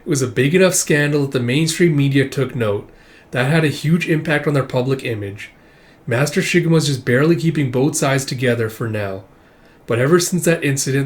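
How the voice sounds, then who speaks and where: A well-informed man laying out a rivalry, as a man reading a comic puts him on. He explains in steady, even sentences. The voice stays close to the reader's own. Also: mid-range voice, normal speed, natural voice. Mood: serious.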